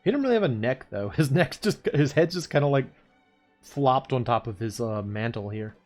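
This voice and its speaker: A man's voice: medium pitch, animated, moderate pace, a little mellow, soft background music. A man streaming as he draws, chatting in a rambling, laid-back way and chuckling to himself. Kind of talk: casual chat while drawing.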